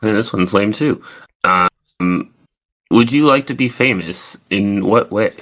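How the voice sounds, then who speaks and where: A man's voice: lowish voice, slow pace, a bit bright, rough recording. A man co-hosting a podcast in casual chat, wry and offhand. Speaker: podcast co-host and streamer.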